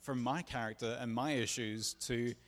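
A man's voice: mid-range voice, fairly even intonation, moderate pace, a bit bright. A man telling his personal testimony in a sermon, earnest and confessional, acting out the dialogue as he tells it. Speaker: preacher. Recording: long reverb of a large hall.

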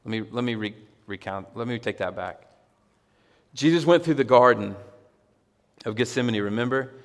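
In a church hall full of congregants, a man preaches at medium pitch and a normal speed, his voice carrying a big-room sound. He talks conversationally at first, then rises into emphatic exclamations that he repeats.

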